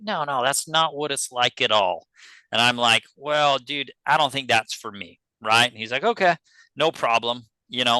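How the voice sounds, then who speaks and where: A man who owns a pest control business is a podcast guest, casually telling a business story and acting out the dialogue he quotes. His voice is medium-pitched, sharp, clear and resonant, with no echo, though the audio is poor.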